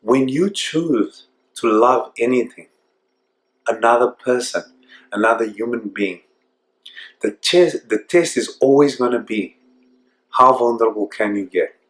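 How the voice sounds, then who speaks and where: Earnest man in an echoey room. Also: mid-range voice. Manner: earnest, reflective, slows down for emphasis. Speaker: self-discovery program host. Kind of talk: motivational talk to camera.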